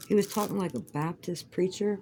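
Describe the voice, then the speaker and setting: A woman's voice: on the low side, a little fast, background noise. A woman chatting casually while crafting, rambling and profane, with emphatic outbursts. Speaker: vlogger.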